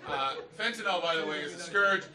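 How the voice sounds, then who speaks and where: A man from Canada doing a stand-up routine on a club stage, swinging from muttered asides to shouted punchlines. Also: a little high, expressive, brisk, a crowd in the background. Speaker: stand-up comedian. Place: comedy club stage before a laughing audience. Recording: echoey club from a distance, noisy.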